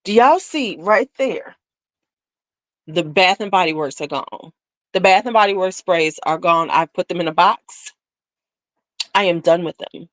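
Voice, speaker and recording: A woman's voice: fairly low pitch, measured pace, long pauses, no room sound. A woman hosting a casual beauty livestream, chatting candidly and sassily with viewers, laughing often. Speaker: beauty channel host.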